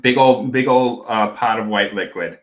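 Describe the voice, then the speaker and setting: A man narrating a tabletop game as game master, in a halting, casual way, with lots of restarts. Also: lowish voice, roomy sound. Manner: halting, full of fillers and restarts.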